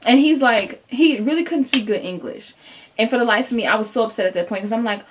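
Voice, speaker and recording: A woman's voice: a little high, quick pace. Chatty young woman telling a story. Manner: animated storyteller acting out quotes; casual, chatty, addresses viewers directly. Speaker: vlogger. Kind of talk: storytime vlog.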